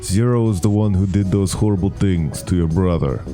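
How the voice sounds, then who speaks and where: A man's voice: low voice, normal speed, dark tone, soft background music, pitched below the performer's own voice. A man reading the lines of a persuasive man who urges the group to trust one another. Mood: urging.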